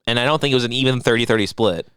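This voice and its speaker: A man's voice: medium pitch, racing, a bit bright, clear, resonant tone, no echo, studio quality. A young man co-hosting a podcast in casual chat, joking, swearing and acting out other people's voices. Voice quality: joking, acts out quoted voices, swears often. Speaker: podcast co-host.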